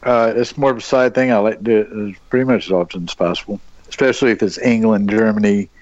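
A man's voice: on the low side, quick pace, dull audio, slight background noise. A man, a convention guest telling long rambling stories full of fillers and restarts. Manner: rambling, animated storyteller with many fillers and restarts. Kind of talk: casual storytelling on a podcast.

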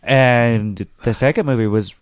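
A man's voice: mid-range voice, measured pace, clean tone, no echo, clean studio sound. A man with a sore throat and a nasal voice, co-hosting a podcast in easygoing casual chat. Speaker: podcast co-host.

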